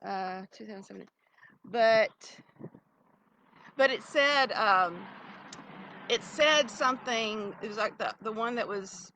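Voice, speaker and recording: A woman's voice: on the high side, takes it slowly, pauses often, sharp tone, a little hiss or hum, low-quality recording. A middle-aged woman talking straight to camera in a rambling, pleading monologue with many restarts and fillers, close to tears. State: near tears. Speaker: vlogger addressing her ex. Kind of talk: emotional direct-to-camera monologue.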